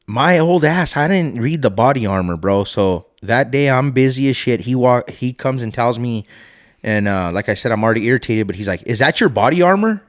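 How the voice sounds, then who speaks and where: A man co-hosting a casual podcast chat, telling stories with lots of swearing and loudly acted-out quotes. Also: medium pitch, moderate pace. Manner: animated storyteller, swears freely, acts out quotes loudly. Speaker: podcast co-host.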